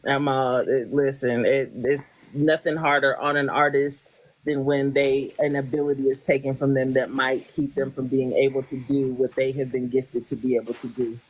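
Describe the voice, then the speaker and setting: Low-voiced woman hosting a poetry stream. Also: little pitch movement, moderate pace, husky. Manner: warm, effusive introductions with frequent laughter. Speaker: host of a poetry live stream. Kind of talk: hosting chat. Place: live online stream.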